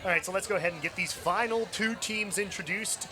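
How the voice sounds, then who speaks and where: A man doing live race commentary outdoors, reading lineups and calling the action brisk. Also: high voice. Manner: reads team lineups, brisk play-by-play. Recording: outdoor crowd noise.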